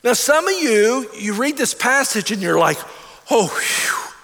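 A man's voice: very high voice, sing-song, moderate pace, gravelly, bright, forceful tone, big-room sound. A man preaching a sermon in a conversational way, often acting out the voices of imagined listeners. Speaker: pastor.

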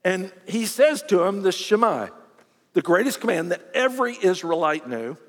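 A man preaching with a high, lively voice that swoops up and down as he acts out crowd reactions. His tone is a little husky, and the sermon rings with the long reverb of a big hall. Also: normal speed. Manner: animated preaching, acting out voices of crowds and scribes. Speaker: pastor.

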